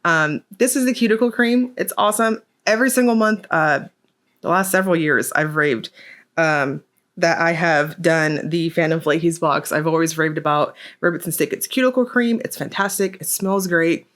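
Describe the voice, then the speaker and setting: A woman who reviews nail polish chats casually through a product unboxing, rambling with fillers and jokingly laughing at herself. Her voice is on the low side and a bit bright, at a normal speed.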